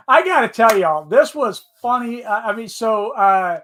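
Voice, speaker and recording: A man chatting casually as a podcast co-host, his voice sitting fairly high. He talks loosely, restarts and repeats words, and laughs easily. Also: lively intonation, a little slow, bright, forceful tone. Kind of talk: casual chat.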